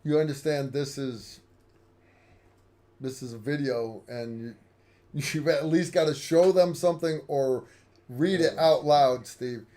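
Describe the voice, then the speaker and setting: A man's voice: mid-range voice, a little slow, warm tone. A man co-hosting a livestream, teasing and ribbing his partner in casual chat. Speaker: co-host.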